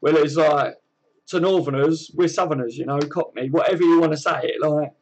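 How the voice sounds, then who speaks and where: Chatty southern English bloke, slightly high voice. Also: male voice, a little fast. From southern England. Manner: chatty, matey banter with frequent fillers. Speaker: channel host reading live chat. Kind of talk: casual live-stream chat.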